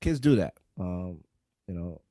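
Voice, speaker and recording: A man's voice: low voice, expressive, unhurried, dark tone, no echo, clean studio sound. A young adult man co-hosting a casual podcast chat, laid-back and joking about parenting. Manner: laid-back, joking, laughs while telling stories. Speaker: podcast co-host.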